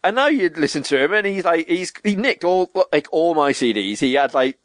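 A young man, a podcast co-host telling stories in casual chat and jumping up in pitch to act out quotes. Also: a little fast, dry recording. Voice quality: animated storyteller, swearing, acting out quotes in a higher voice.

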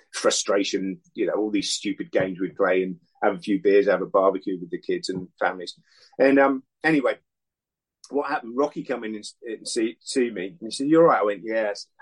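Former pro footballer in his sixties, interview guest, lowish voice, loose anecdotal storyteller. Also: slightly rough, low-quality recording. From England. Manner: rambling anecdotes, acts out other people's lines.

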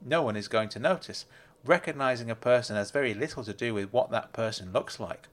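A man voicing a calm older male con artist who explains things in a measured way. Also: medium pitch, close to an everyday voice. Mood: explaining.

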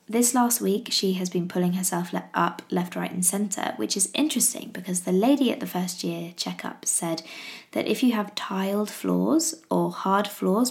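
A woman's voice: fairly low pitch, gravelly, darkish tone. An English woman in her thirties, chatting casually about her baby and rambling with fillers and restarts. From England. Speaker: parenting podcaster. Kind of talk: casual chat.

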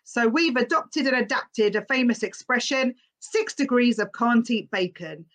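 A woman's voice: a little high, lively intonation, moderate pace, fairly bright tone. A woman co-hosting, playfully introducing a segment and quizzing the guest. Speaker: co-host. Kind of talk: scripted podcast segment.

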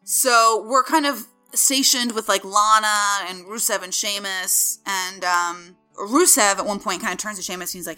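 A woman in casual chat telling an animated story fast, full of "like" and quick asides. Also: mid-range voice, faint music behind. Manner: fast, animated, lots of fillers like "like". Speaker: entertainment interviewer telling a story.

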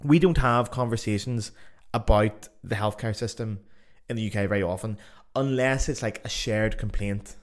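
A young man with a softened Belfast accent, hosting a solo podcast and giving blunt, opinionated views with plenty of swearing. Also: mid-range voice. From Northern Ireland. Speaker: podcast host.

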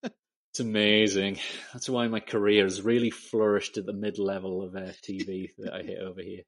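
A man with an English accent talks casually as an interview guest. His voice sits low, and he tells stories with plenty of swearing. He pokes fun at himself as he goes. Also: flat delivery, moderate pace. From England. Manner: sweary, self-deprecating storyteller. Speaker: guest, camera assistant.

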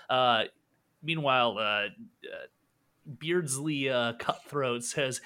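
Guy running a pirate tabletop game, slow and easygoing, lots of uhs. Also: medium pitch, pushed and bright, smooth. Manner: unhurried, with fillers like uh. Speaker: game master.

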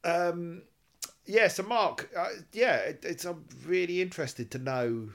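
A man's voice: sits high, expressive, unhurried. A man co-hosting a podcast, chatting casually with a teasing, easygoing manner and reading a book blurb aloud. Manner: easygoing, teasing, laughs often. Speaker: podcast co-host.

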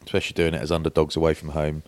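A middle-aged English podcast co-host tells candid stories in casual chat, sprinkling in British slang like "mate" and "bloke." His voice is extremely low and monotone and races along. The recording is dry, and his chatty storytelling stays warm toward his old teammates.

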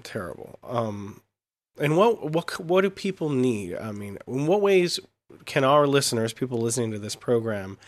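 A man of middle pitch hosts an interview. He asks his questions hesitantly, stopping and restarting as he goes. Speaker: host.

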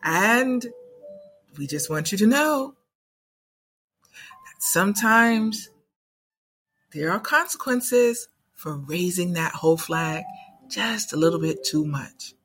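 A woman voicing kindly elevated ancestor spirits who coax and gently scold in a motherly way. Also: on the low side, animated, slow, long pauses, husky, faint music behind, heavily acted.

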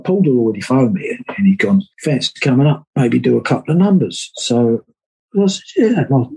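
An older man spins long anecdotes as an interview guest, jumping into the voices of the people he quotes. His voice is dark and mellow, with a husky edge to it. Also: mid-range voice, expressive, fairly quick, low-quality recording. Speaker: guest musician. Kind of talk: casual storytelling interview.

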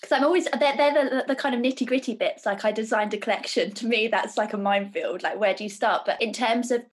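A woman's voice: a little high, fast. A woman podcast host with a slight lisp, chatting casually and enthusiastically over a video call. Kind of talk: casual interview chat.

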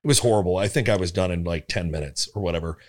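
A middle-aged man, a guest comedian, telling animated stories in a casual podcast chat and laughing through them. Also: sits low, racing.

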